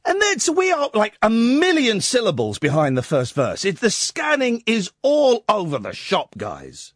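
A man's voice: high-pitched, wildly swooping pitch, moderate pace, no room sound, studio quality. A man hosting a radio show, delivering a comic, mock-outraged rant and humming bits of tunes. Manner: incredulous, ranting, mock-outraged; sings and hums snatches of tunes. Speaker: radio host.

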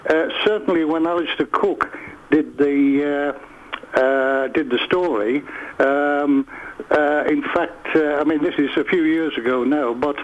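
A man calling in to a radio show, talking haltingly with many fillers. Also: fairly high pitch, steady tone, muffled recording. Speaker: caller. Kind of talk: phone-in chat.

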